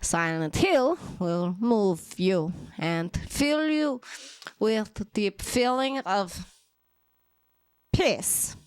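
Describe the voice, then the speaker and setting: Tourist brochure narrator put on by a woman, very slow and theatrical. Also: medium pitch, lively intonation, clear, resonant tone, no echo. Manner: slow, drawn-out, theatrical reading.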